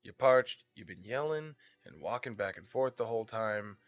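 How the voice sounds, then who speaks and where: A man's voice: on the low side, expressive, moderate pace, close to an everyday voice. A man voicing a motherly woman companion who coaxes and soothes in a tabletop game. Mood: coaxing. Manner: soothing, coaxing, fussing.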